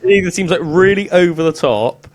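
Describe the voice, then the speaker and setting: A young Englishman co-hosting a podcast in casual, animated chat, often slipping into put-on voices. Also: sits high, a little fast. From England. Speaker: podcast co-host.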